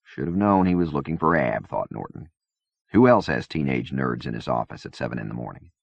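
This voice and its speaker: Deep gravelly male audiobook reader. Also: animated, fairly quick, no room sound. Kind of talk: scripted narration. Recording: dull dry cassette-era recording.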